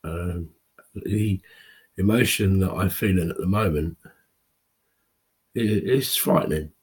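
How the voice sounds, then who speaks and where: A tearful man in his fifties speaking a raw, halting personal monologue to camera, with pauses and restarts. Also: low-pitched, breathy edge. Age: 50s. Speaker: video blogger.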